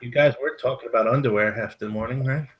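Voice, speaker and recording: A man's voice: mid-range voice, quick pace, slightly rough, muffled recording. A man chatting casually in an online hangout, joking in a dry way. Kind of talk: casual chat.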